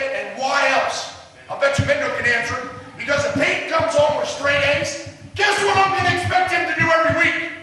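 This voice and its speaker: Middle-aged man, football coach firing questions at his team; high, sharp voice in a roomy hall far from the mic. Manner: intense, preaching, repeated challenging questions. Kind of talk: motivational team speech. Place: large echoey room with the team. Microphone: far camera. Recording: echoey hall recorded from far off.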